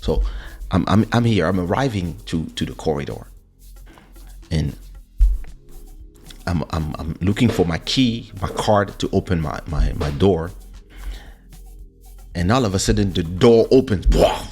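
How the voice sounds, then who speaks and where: A male show host excitedly telling a personal story into a studio microphone, repeating words and restarting as he goes. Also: low-pitched, a little slow, long pauses, soft background music. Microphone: studio USB microphone.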